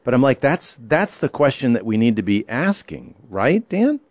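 Brief: man radio co-host, animated storyteller, dry slightly dull sound. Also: medium pitch, normal speed, dry recording. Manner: animated, emphatic, chatty asides. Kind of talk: radio talk show chat. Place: radio studio.

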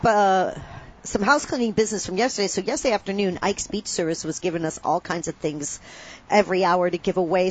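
A woman's voice: mid-range voice, slight background noise, rough recording. A woman co-hosting a radio show, reading out announcements with some hesitation. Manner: chatty, hesitant with fillers. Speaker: radio co-host. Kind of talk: casual announcements on air.

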